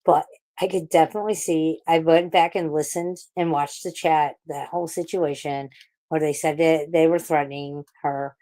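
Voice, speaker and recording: Woman, St. Louis native, slightly low voice, casual profane ranter on a stream panel. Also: steady tone, normal speed, dark tone. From St. Louis, USA. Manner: profane, ranting, rambling with restarts. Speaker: livestream panel participant. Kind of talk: casual livestream chat.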